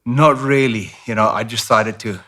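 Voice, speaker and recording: A man's voice: mid-range voice, normal speed, bright, forceful tone. A middle-aged man with a South African accent, candidly telling stories as an interview guest. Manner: candid, storytelling, acts out voices of others. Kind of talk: casual interview talk.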